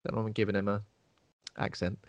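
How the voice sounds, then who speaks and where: A man's voice: lowish voice, flat delivery, fast talker, no room sound. A man co-hosting a casual film chat, joking and slipping into silly voices. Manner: jokey, slips into silly voices. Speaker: podcast co-host.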